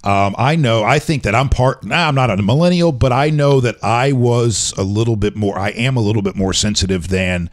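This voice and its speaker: A man from a small southern town hosts a casual talk show. His voice is of middling pitch, and he speaks in a measured, reflective way, musing as he goes. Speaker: host. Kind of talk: casual podcast chat.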